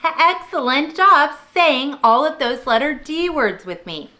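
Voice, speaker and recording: A woman's voice: high-pitched, expressive, measured pace, bright, forceful tone. A young woman teaching preschoolers, prompting little kids in a cheerful sing-song way. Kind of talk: children's lesson video.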